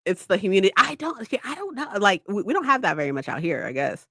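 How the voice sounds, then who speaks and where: A young woman from California chatting casually on a livestream between reading sprints, animated, swearing often and laughing a lot. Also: mid-range voice, fast, background noise. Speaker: streamer hosting reading sprints.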